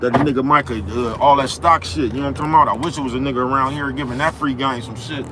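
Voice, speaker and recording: A young man hosts a livestream outdoors in the cold near traffic, speaking fast at a medium pitch with fairly even intonation over background noise. His ranting monologue is profane and repetitive, and he keeps asking "you know what I'm talking about."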